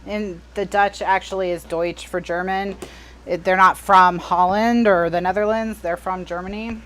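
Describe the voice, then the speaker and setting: A woman's voice: medium pitch, steady tone, moderate pace, fairly bright tone. An American woman hosting a live crafting stream, chatting casually and wryly, trailing off and restarting as she works. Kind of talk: casual chat while crafting.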